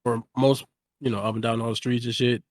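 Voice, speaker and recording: A man's voice: medium pitch, flat delivery, brisk, dry recording. A man co-hosting a podcast in casual chat, joking and reacting with lots of profanity. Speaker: podcast co-host.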